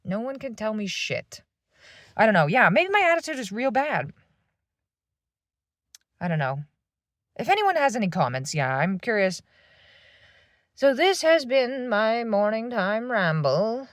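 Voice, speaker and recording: A woman's voice: fairly high pitch, sing-song, unhurried, long pauses, no echo, clean studio sound. A woman in her thirties venting in a rambling, swearing monologue from a parked van. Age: 30s. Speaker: vlogger.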